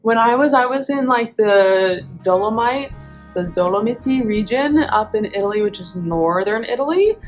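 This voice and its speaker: A woman's voice: a little high, lively intonation, moderate pace, few pauses, soft background music, rough recording. A young adult woman, an opera singer, hosting a casual vlog and chatting in a rambling way with frequent laughs.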